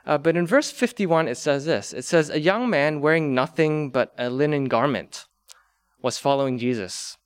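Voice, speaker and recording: A man preaching a sermon, slow and emphatic, repeating key words for weight. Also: a little high, animated, clean tone. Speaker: pastor.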